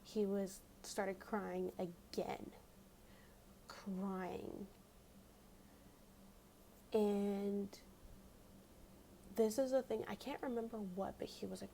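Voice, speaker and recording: A woman's voice: medium pitch, fairly even intonation, extremely slow, creaky, long pauses, dark tone, slight background noise. A young woman telling a story in whispered ASMR storytime, chatty and full of fillers, close to the mic at home. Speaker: ASMR creator.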